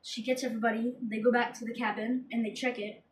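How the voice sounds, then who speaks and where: A woman co-hosting a casual horror review chat, halting, saying "like" often and restarting her sentences. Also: fairly high pitch, level tone, slight background noise. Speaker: podcast co-host. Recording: echoey room, distant from mic.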